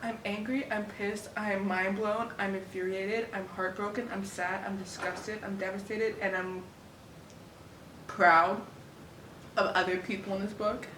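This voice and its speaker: A young woman vlogging her reading, emotional and exclaiming, swinging from hushed to loud reactions. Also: medium pitch, little pitch movement, measured pace. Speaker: book vlogger. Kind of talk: reading vlog chatter. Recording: roomy echo, faint room noise.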